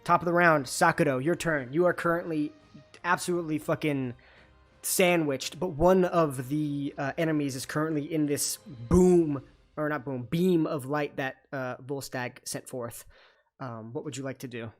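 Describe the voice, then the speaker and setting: A man's voice: fairly high pitch, steady tone, normal speed, faint music behind. A man narrating as dungeon master in a loose, chatty way, with lots of fillers and restarts. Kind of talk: narrating a tabletop game over a call.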